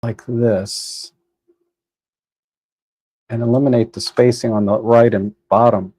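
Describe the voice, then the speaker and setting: Man, livestream host, casual, thinking aloud, mellow voice, dry close sound. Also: mid-range voice, slow, husky, no echo. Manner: relaxed, thinks aloud with fillers and restarts. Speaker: photo editing livestream host. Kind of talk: casual live stream commentary. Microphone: desk microphone.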